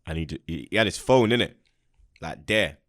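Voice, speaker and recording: Lively man telling a story. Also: low-pitched, fairly quick, no echo, studio quality. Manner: animated storytelling, acting out other people's reactions. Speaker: host. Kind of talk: casual chat.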